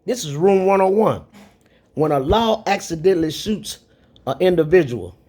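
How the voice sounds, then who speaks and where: Man, high voice, rambling rant, repetitive, profane. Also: expressive, moderate pace, darkish tone. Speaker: commentator. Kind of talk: ranting commentary.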